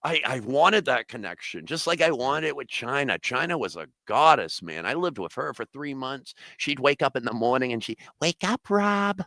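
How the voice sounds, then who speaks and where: A man's voice: mid-range voice, animated, moderate pace, creaky, hardly any pauses, no room sound. A man from Massachusetts, a comedian and musician, telling rambling, profane stories on a casual podcast. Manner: rambling, profane storytelling, bursts into loud singing.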